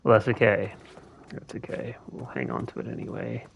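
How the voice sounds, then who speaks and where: A man giving relaxed live gameplay commentary as a streamer, thinking aloud with fillers as he plays. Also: lowish voice, normal speed, creaky, slightly rough.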